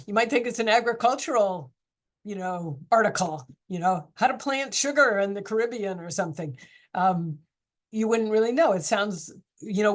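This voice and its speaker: Woman teacher chatting through a class, friendly, keeps asking questions, normal pitch. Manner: chatty, encouraging, asks questions. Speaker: teacher leading an online class. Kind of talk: casual class discussion.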